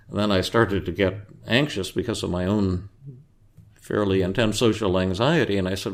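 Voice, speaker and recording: Man, psychiatrist, casual storytelling, low-pitched, gravelly, halting with fillers. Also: steady tone. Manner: halting, many fillers and restarts; acts out quoted voices louder. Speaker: psychiatrist and podcast host.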